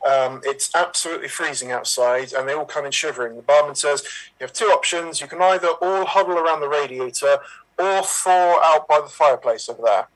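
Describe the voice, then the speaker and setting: A man's voice: a little high, fairly quick, low-quality recording. A man in an improv game telling joke setups hesitantly, stopping to correct himself. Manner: hesitant, with ums and self-corrections. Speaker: improv performer.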